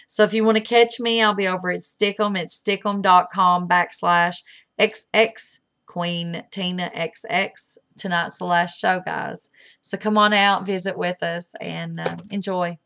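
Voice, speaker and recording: A middle-aged woman giving a heartfelt, halting farewell to her online friends, holding back tears. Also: lowish voice, steady tone, a bit bright. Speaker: webcam streamer. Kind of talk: emotional farewell message.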